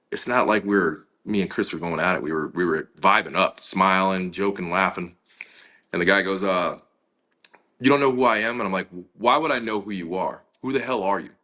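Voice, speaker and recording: Interview guest, male, deep but bright voice, loose storyteller with lots of "you know". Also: brisk. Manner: casual, many fillers, acts out quoted dialogue. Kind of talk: conversational storytelling.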